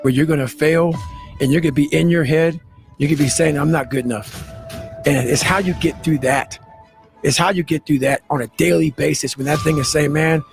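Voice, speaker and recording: A man's voice: a little high, fairly even intonation, a little fast, vocal fry, soft background music. A man in his forties giving an intense, profane motivational speech. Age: 40s.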